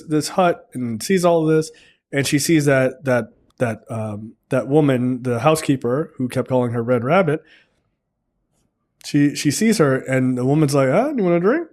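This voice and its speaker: A man co-hosting a film podcast, retelling the plot in a casual, filler-heavy way and jumping into high voices when he quotes the characters. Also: darkish tone. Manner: profane, filler-heavy storytelling.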